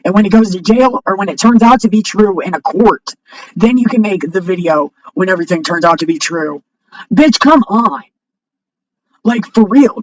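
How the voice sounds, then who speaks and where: A woman video blogger ranting to camera at home, blunt and profane, sometimes rising to a shout. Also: medium pitch. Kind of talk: unscripted rant to camera. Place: home, with a cat nearby. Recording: dull lo-fi microphone.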